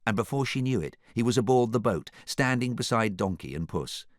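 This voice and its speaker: A man narrating a children's audiobook with an animated, expressive reading. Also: medium pitch, a little fast, no room sound, studio quality.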